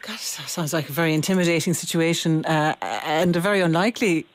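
A woman hosts a radio phone-in in a slightly low voice. She questions callers and reacts to their stories, often stammering as she restarts a sentence. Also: quick pace.

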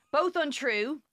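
A woman, a guest on a radio culture panel, chatting in a giggly, rushed way and often stumbling over words. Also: sits high. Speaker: podcaster and writer, panel guest. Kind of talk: casual chat.

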